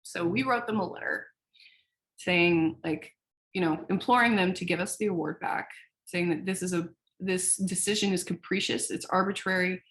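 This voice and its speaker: A woman founder, a podcast guest, telling her story in a candid, animated way that is loose with swearing. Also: lowish voice, normal speed. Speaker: founder of a sexual wellness company, podcast guest. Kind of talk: casual interview storytelling.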